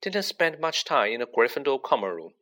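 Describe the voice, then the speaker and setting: Expressive man reading a storybook aloud. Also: mid-range voice, fairly quick. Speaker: audiobook reader. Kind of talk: storybook narration read aloud.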